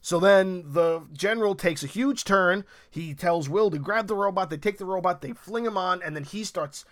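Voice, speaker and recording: A man with a somewhat high voice talks through a favorite TV scene. He rambles and gets excited, throwing in casual swears. His tone is loose and unscripted. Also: normal speed. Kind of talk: casual recap of a TV show.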